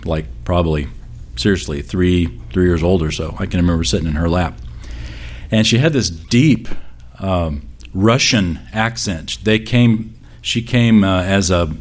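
A man preaching in a conversational, storytelling way, rambling with frequent restarts as he recalls family memories. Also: low voice. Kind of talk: sermon storytelling.

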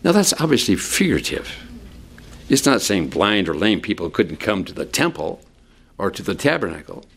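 A man's voice: moderate pace, slightly rough. A male pastor preaching an expository sermon in a conversational way, explaining scripture with friendly asides. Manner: animated, sweeping pitch for emphasis.

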